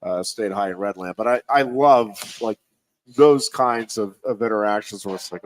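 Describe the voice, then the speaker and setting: A man in his thirties, a radio host and high school sports announcer, telling a story in a rambling, reflective way with many restarts. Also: normal speed, no echo. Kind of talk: casual radio sports chat.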